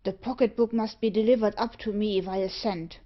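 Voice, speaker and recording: Auriol, a proud, defiant gentleman, as a woman reads him. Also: mid-range voice, fairly even intonation, a little fast, muffled recording, natural voice. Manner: earnest, defiant.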